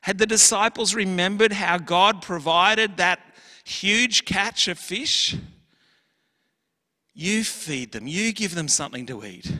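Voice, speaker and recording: A man's voice: sits high, expressive, slow, pushed and bright, big-room sound. A man preaching a sermon as pastor, earnest and emphatic, with little acted asides.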